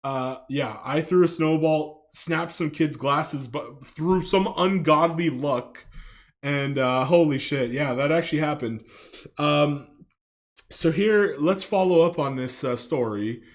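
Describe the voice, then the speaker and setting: Casual commentator: a man from Canada with a slightly higher voice, chatty, filler-heavy, rambling. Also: slow pace. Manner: loose and chatty, full of fillers and swearing. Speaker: video commentator.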